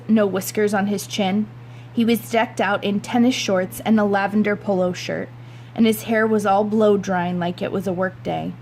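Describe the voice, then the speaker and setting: A woman's voice: medium pitch, slight background noise, low-quality recording. A woman reading a novel aloud, narrating in a wry, conversational first-person voice. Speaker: reader.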